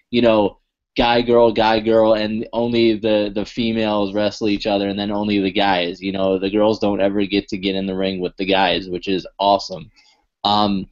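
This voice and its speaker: A man co-hosts a podcast in casual conversation, rambling with plenty of fillers and restarts. His mid-range voice has a darkish tone, and the recording sounds muffled.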